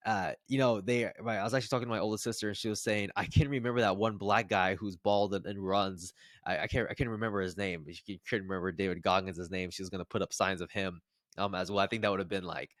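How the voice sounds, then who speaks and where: A man in his twenties casually telling a personal story to the camera, rambling and animated with frequent restarts. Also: on the low side, no room sound, studio quality. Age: 20s. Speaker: vlogger.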